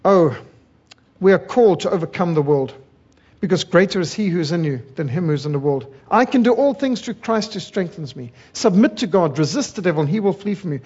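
A man's voice: sits high, lively intonation, a little fast, a little mellow, slightly rough, dull audio. A middle-aged man from South Africa preaching a sermon, fiery and emphatic, building rhythmic lists of words.

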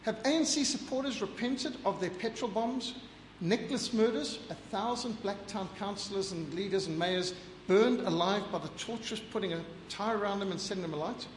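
A man with a fairly high voice delivers an impassioned lecture over slides, firing off rhetorical question after rhetorical question and stacking emphatic lists. His voice rings through a roomy hall with a long reverb tail, and a faint hum of ambience sits underneath.

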